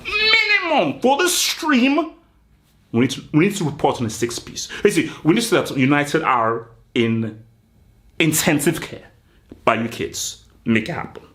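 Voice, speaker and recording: Animated man ranting a mock team talk. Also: mid-range voice. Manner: mock team talk, addressing players directly, swinging loud and slow. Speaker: football channel host. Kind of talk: comedic football pep-talk rant.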